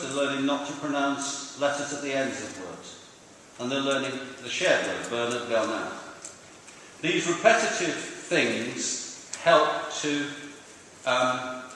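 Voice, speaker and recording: A man's voice: medium pitch, a bit bright, a little hiss or hum. An older man lectures to teachers, explaining things and asking his audience questions. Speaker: speaker on language teaching. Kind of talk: talk to teachers. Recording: roomy hall, from far off.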